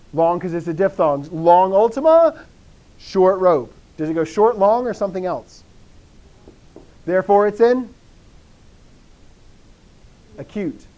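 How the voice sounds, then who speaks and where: Lively, high-voiced man teaching a class. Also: dull audio. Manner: drilling students with repeated call-and-response questions; energetic, animated bursts of enthusiasm. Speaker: Greek teacher. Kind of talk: classroom lecture.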